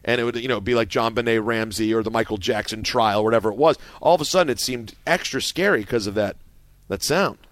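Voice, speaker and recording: A man's voice: mid-range voice, a little fast, no echo. Joking male sports radio host. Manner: animated, jokey, leads segments. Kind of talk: sports talk radio banter. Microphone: studio microphone.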